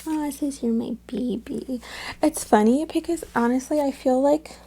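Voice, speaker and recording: Chatty tarot-reading woman with a gravelly voice. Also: high voice, normal speed, warm tone. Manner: chatty, addresses viewers as "my loves" and "you guys". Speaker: tarot reader. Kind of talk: casual tarot reading to viewers.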